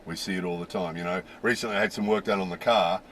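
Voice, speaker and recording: A man's voice: low-pitched, steady tone, quick pace, fairly bright tone, a little hiss or hum. A man vlogging casually to camera about life in Japan, stressing points by repeating his words.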